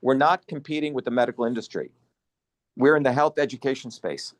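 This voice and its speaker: A man hosting an online symposium, lecturing forcefully and bluntly over a video call, swearing for emphasis. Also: mid-range voice, fairly quick, no room sound. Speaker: symposium host and educator.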